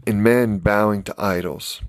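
A man's voice: lowish voice, a little slow, no room sound, clean studio sound. An American man preaching a fiery live-stream sermon for his podcast, emphatic and tired. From United States.

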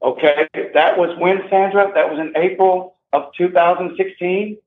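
A man's voice: high voice, steady tone, moderate pace, a little hiss or hum. A man in his sixties, an interview guest, telling his own story in an emphatic, agitated way and repeating himself. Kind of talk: emotional first-person account. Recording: tinny phone line with echo.

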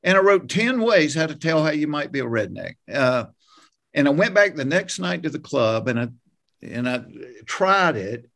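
A man's voice: fairly high pitch, normal speed, gravelly. A man from Georgia with a Southern US accent, a comedian guest telling stories in a plainspoken, folksy way during a casual interview. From Georgia, USA. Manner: folksy, plainspoken, animated anecdotes.

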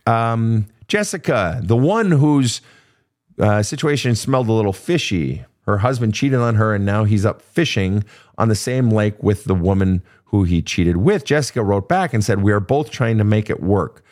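A man's voice: fairly low pitch, animated, normal speed, darkish tone. A man from Minnesota hosting an advice podcast, answering listener questions in a blunt, profane, casual way.

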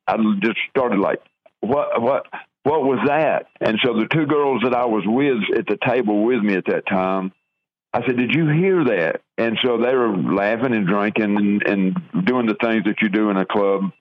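An older man tells his life story in a plain, halting way, stumbling and restarting as he goes. His voice sits low. It comes through a dull, lo-fi radio broadcast. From Georgia, US. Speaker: guest telling his conversion testimony. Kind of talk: personal testimony in an interview.

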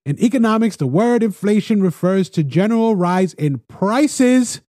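A man hosting a casual solo podcast, explaining with animated storytelling and addressing listeners directly. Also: high voice, no echo, studio quality. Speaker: podcast host.

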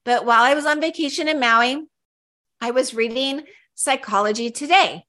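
A woman's voice: sits high, normal speed, a bit bright. A woman co-hosting a casual podcast, talking in a chatty, upbeat way with frequent fillers and restarts. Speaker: podcast co-host.

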